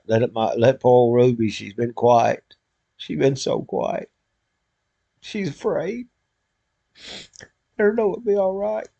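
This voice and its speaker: An older man leads a heartfelt, folksy prayer for his online viewers. His voice is gravelly and creaky, and the stream audio sounds dull and muffled. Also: mid-range voice, dark tone, dry recording. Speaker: live stream host.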